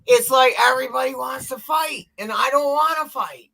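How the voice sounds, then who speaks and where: A woman's voice: high-pitched, moderate pace, vocal fry, noisy background. A woman joining a casual livestream chat as a guest, talking frankly and with emphasis.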